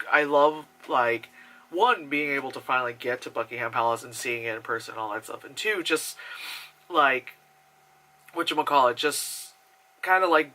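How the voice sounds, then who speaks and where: A young man from New Jersey with an American accent, doing casual, profane voice-over commentary on his own travel footage and laughing often. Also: medium pitch. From New Jersey, USA. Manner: casual, swears freely, laughs often, animated impressions. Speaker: vlogger.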